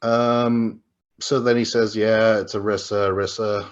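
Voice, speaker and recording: A man's voice: on the low side, level tone, a little slow. Man, podcast co-host, casual recap chat, swears a lot, rambling, slightly dull lo-fi sound. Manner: profane, rambling, acts out quotes.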